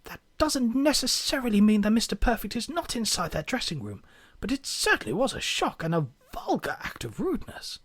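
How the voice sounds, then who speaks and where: A man's voice: high voice, very animated, a little fast, breathy edge, no echo, pitched above the performer's own voice, heavily acted. A man doing a prim whispering older interviewer, whispered role-play. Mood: indignant hush. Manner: whispered, mock-documentary hush. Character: posh older male wrestling interviewer, hushed and prim.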